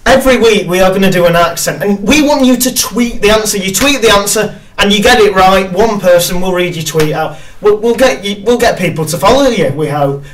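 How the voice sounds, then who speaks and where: A man's voice: high-pitched, fairly quick, few pauses. A man hosting a casual chat show, upbeat and joking as he introduces segments. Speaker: host. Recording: distant mic with faint noise.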